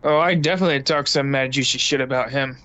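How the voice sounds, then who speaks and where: A man's voice: mid-range voice, steady tone, fast, bright, forceful tone. A man co-hosting a casual profane chat, laid-back and mostly agreeing. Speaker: co-host. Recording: dull lo-fi audio.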